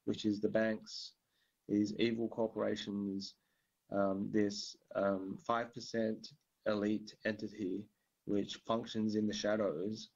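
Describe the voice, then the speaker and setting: A man's voice: on the low side, flat delivery, slow, creaky, a little mellow. A man talking politics casually, rambling with many fillers and the odd curse word. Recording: dull lo-fi recording.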